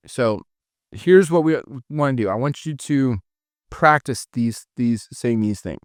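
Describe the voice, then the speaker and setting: A man's voice: medium pitch, expressive, normal speed, no echo, clean studio sound. A man giving a casual spoken sales training lesson, often restarting phrases and demonstrating intonation.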